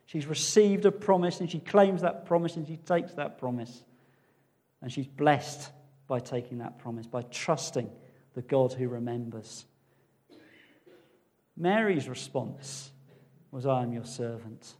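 A man preaching a sermon, repeating phrases for emphasis and building to loud declarations. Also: fairly high pitch, unhurried, long pauses.

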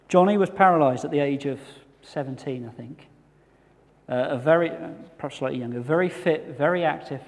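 A man delivers a measured, earnest sermon from the front of a church. His voice sits at a middle pitch, with a dry flash of humour now and then. The long hall reverb trails behind every phrase. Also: darkish tone. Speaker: pastor.

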